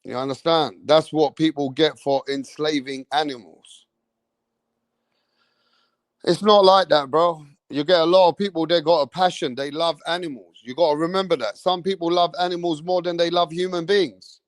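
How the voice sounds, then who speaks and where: A man, hosting a live stream, telling rambling stories in an animated way, swearing often and tagging lines with "bruv". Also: on the high side, normal speed, dry recording, studio quality. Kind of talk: rambling storytelling.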